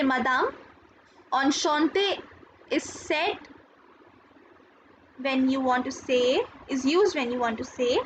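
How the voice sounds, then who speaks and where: A woman teaching a recorded school lesson, explaining each word slowly and carefully and repeating it. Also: high voice, a bit bright. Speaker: French teacher. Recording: dull lo-fi sound, faint noise.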